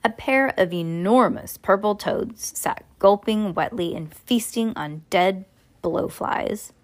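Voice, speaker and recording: A woman reading a story aloud at home, in a middle-pitched, unremarkable voice. She trips over words now and then and goes back to fix them. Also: slow. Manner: stumbles and corrects herself often.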